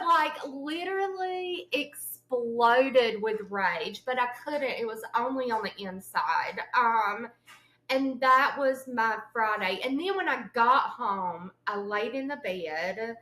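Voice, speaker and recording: Bright-voiced woman storyteller. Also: on the high side, a little slow, roomy sound, poor audio. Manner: animated storyteller, acts out quotes with sudden yelps. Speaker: podcast co-host. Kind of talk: casual chat.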